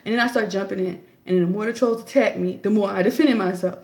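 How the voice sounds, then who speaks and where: A young adult woman vlogging a casual, chatty opinion monologue, telling her story in an animated way. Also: quick pace, reverberant. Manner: chatty, animated storytelling, jumps high to act out her own quotes.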